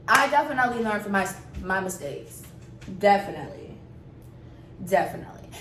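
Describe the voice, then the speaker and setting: A young woman in her twenties tells a storytime vlog with a high voice. She talks bluntly and profanely and stays animated. The room gives her voice a roomy echo with a faint hiss behind it. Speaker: vlogger.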